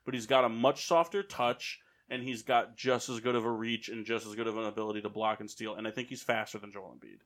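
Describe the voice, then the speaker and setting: A man's voice: fairly low pitch, fairly even intonation, quick pace, few pauses, a bit bright. A man co-hosting a casual sports podcast, arguing his opinions at length. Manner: opinionated, argues points at length. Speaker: podcast co-host.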